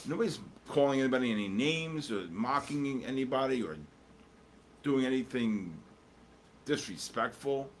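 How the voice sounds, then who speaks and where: Speaking at a moderate pace in a mid-range, animated voice, this livestream host runs a trading stream over a little background hiss or hum. He chats casually, cracks jokes with viewers, and responds to chat while keeping an eye on the charts and calling market moves.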